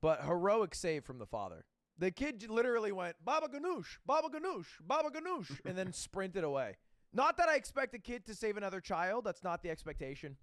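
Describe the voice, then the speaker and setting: Animated joking man reacting to clips. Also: high-pitched, a little fast, dry recording, clean studio sound. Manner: joking, expressive, swears freely. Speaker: reaction video creator. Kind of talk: casual reaction commentary.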